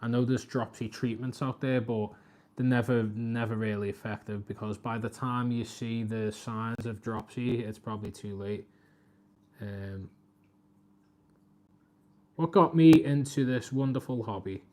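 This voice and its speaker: A man's voice: steady tone, a little slow, darkish tone. A man, chatting casually on a live stream, talking to his cat and reading out viewer comments. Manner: chatty, talks to his cat and viewers, voice jumps high when scolding.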